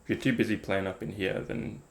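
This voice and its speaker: A man's voice: low voice, little pitch movement, fairly quick. A man thinking aloud in a casual, reflective talk about meditation, rambling with many fillers. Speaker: meditation vlogger.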